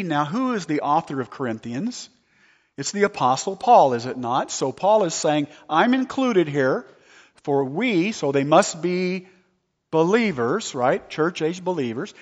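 A man delivers a sermon as pastor in a somewhat high voice, animated and quick to toss rhetorical questions at the congregation. His voice rings with a long hall reverb. The recording sounds dull and muffled.

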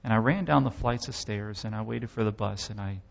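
A man's voice: on the low side, a little fast, vocal fry, in a large hall, highs cut off. A man giving a sermon testimony, telling his story with impassioned, dramatic swells.

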